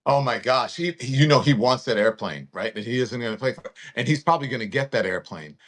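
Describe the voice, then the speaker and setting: A man's voice: mid-range voice, fast, fairly bright tone. A man in his fifties from Louisiana, hosting a casual political chat and reading viewer comments with emphasis. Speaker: host.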